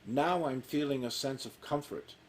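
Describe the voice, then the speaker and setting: A man's voice: medium pitch, moderate pace, poor audio. A man in his sixties, a cantor, telling his life story in a casual interview and acting out the dialogue. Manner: warm storyteller, acts out quoted dialogue. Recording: faint background noise.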